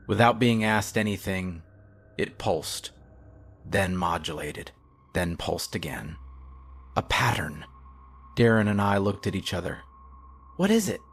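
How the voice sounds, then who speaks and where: Male narrator, lowish voice, steady and hushed for a creepy story. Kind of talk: scripted horror narration.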